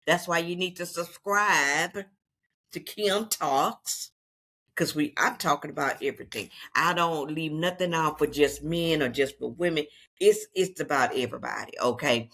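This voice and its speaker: A woman's voice: low-pitched, expressive, measured pace, a bit bright. Chatty Southeast Texas woman vlogging. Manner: chatty, folksy, addresses viewers as y'all. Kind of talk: casual unscripted talk to viewers.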